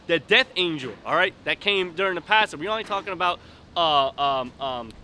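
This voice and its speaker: A man preaching outdoors on a street in rough, blunt vernacular, hammering his points with emphasis. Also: fairly high pitch, animated, fairly quick, bright, forceful tone, slight background noise.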